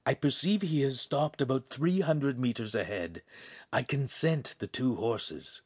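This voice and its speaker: A man's voice: medium pitch, a little slow, husky, no echo, studio quality, voice pushed up. A man voicing a small, cautious male imp who speaks in a precise, analytical way. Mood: alert.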